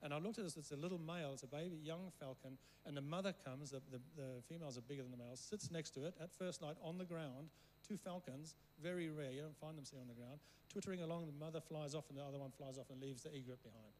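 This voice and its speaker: A guest preacher who grew up in Africa and came to English only at school tells a winding story, stopping often to check in with his listeners. His man's voice sits fairly high. A faint hum runs behind him. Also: quick pace, a little mellow, low-quality recording. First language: not English. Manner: rambling anecdotes, keeps checking in with the room. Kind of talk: storytelling sermon.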